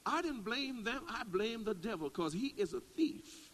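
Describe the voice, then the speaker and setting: Animated preaching man with lively pitch. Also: unhurried, low-quality recording. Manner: animated preaching, swings from hushed to loud rising exclamations. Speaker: pastor. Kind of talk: sermon.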